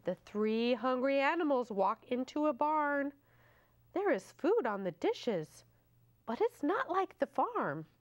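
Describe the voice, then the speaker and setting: A woman librarian reads a rhyming picture book to young children at a slow, deliberate pace. Her voice sits a little high and lilts in a gentle sing-song. The recording is close and dry. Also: big pitch swings, dry recording. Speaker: children's librarian, storytime host.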